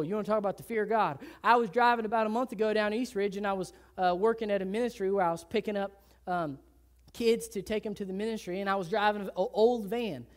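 A woman pastor preaching a sermon in a church, shifting from loud emphatic lines to hushed low ones and chatting with her listeners. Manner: conversational, acts out people in quick asides.

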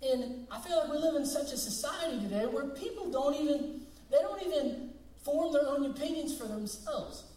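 A man's voice: very high voice, expressive, normal speed, darkish tone, reverberant, recorded from a distance, low-quality recording. A young man preaching a sermon as pastor, switching between conversational storytelling and emphatic points.

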